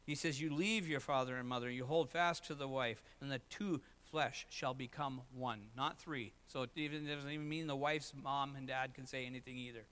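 Bright-voiced male pastor preaching. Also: steady tone, normal speed, few pauses, clear, resonant tone. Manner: swings between loud emphatic lines and low quiet asides. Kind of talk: sermon.

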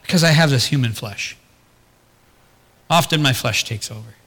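In a large hall, a pastor preaches a sermon in a mid-range, slightly bright voice at normal speed. He speaks earnestly and poses rhetorical questions to the congregation.

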